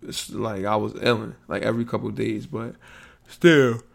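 A man hosting his own podcast alone, rambling in a relaxed, slangy way and thinking out loud. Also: on the low side, fairly quick, gravelly. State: yawning, a bit sleepy. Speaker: podcast host. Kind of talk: casual solo podcast monologue.

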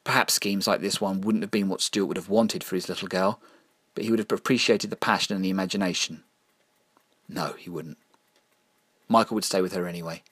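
A man narrating a dark horror story in a measured, grim storytelling manner, slowing down to lean on key phrases. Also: sits low, steady tone, husky, dry recording.

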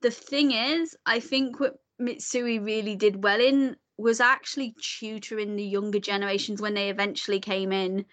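An animated woman talks in a casual chat, opinionated and quick to swear. Her voice is bright and forceful, with a sharp edge. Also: mid-range voice.

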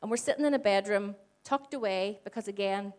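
A woman's voice: medium pitch, a little fast, clear, resonant tone. A woman in her forties from Northern Ireland, giving a conversational sermon to a congregation and acting out the dialogue in her stories. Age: 40s. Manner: animated storytelling, acts out quoted dialogue. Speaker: church speaker. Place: church hall before a congregation.

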